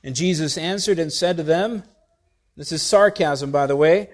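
Male preacher, higher voice, expressive sermon delivery, rises and drops in volume. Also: normal speed. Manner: expressive, rhetorical questions, wide swings in loudness.

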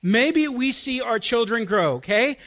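A pastor in full sermon mode, his voice sitting unusually high for a man. The tone is bright and forceful. He asks the congregation pointed rhetorical questions and lets some phrases sink to a hush before building back up. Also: lively intonation. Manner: drops to quiet, slow phrases then rises again.

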